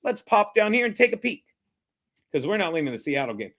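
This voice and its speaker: This man's high-pitched, sing-song, slightly bright voice moves briskly as he runs a live football watchalong. He calls plays and reads the chat with brash mockery, rambling and swearing heavily throughout.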